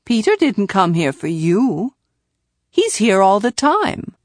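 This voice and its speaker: A woman's voice: medium pitch, very animated, takes it slowly, no room sound, studio quality. A woman voicing a mildly shocked, chatty middle-aged caretaker in an audiobook reading. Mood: flustered. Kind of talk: audiobook character voice.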